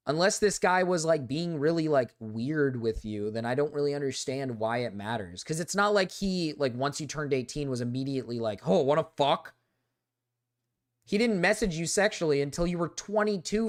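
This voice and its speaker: Male streamer, casual reaction commentary, reads text aloud, incredulous asides. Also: on the high side. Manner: reads quotes aloud, interrupts with incredulous remarks, bursts of loud laughter.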